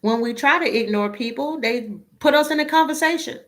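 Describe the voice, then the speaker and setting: Weary, blunt woman with a higher voice. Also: brisk, a bit bright. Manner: weary, exasperated and blunt, with swearing. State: emotionally drained. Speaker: tarot reader. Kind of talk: casual monologue to viewers.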